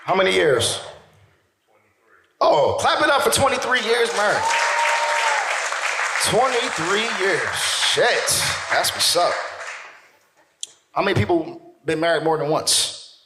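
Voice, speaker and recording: A man doing stand-up comedy, telling a story to a live crowd, loud and animated, jumping into shouted character voices. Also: sits high, slow, creaky, long pauses. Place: stage in a theater. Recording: echoey theater with faint noise.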